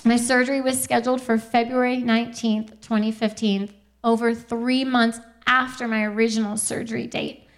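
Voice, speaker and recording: A woman's voice: fairly high pitch, little pitch movement, normal speed. Earnest young woman giving a testimony. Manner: earnest, quotes scripture, laughs easily. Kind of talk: Christian testimony talk.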